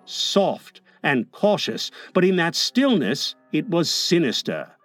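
A man narrating a storybook aloud in a dramatic way, shifting from hushed to lively. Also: on the high side, slow pace, soft background music. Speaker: audiobook narrator. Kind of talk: expressive storybook reading.

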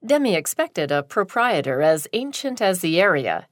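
A woman narrating a short story in a slow, deliberate reading. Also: on the low side, big pitch swings, no room sound, clean studio sound.

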